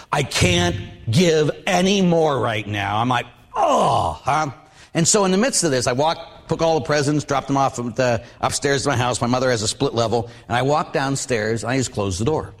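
A middle-aged Catholic priest preaches a storytelling sermon, blending plain talk with stories. He's animated, acting out quoted lines with sudden big leaps in pitch.

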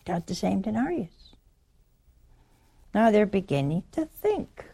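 A woman's voice: medium pitch, very animated, unhurried, creaky, warm tone, breathy edge. A woman preaching a sermon in a teasing, conversational way, acting out the stories she tells.

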